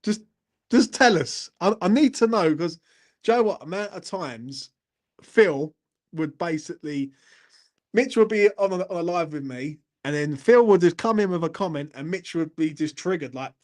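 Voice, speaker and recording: A man's voice: fairly high pitch, animated, moderate pace, darkish tone. A young man hosting a casual live stream, chatting in a laddish way and reading out comments. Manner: chatty, laddish, repeats "do you know what I mean". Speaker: host reading live chat.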